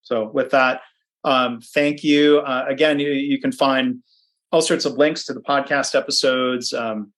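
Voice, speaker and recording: A man's voice: medium pitch, steady tone, a little slow, fairly bright tone. A man giving a conversational webinar presentation from his home office, chatty, with frequent ums and restarts.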